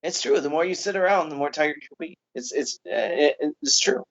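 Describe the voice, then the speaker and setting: A man's voice: on the high side, brisk, highs cut off. A man co-hosting a comedy podcast, rambling and hesitant in casual banter. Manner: rambling, hesitant, lots of restarts. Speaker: podcast co-host.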